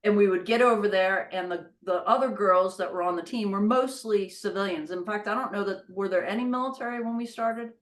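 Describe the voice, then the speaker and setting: A middle-aged woman recalling her college rugby days, telling stories in a relaxed, unhurried way. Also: medium pitch, low-quality recording. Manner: relaxed, unhurried storytelling, drops softer at line ends. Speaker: interview guest, former college rugby player. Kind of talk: casual reminiscing conversation.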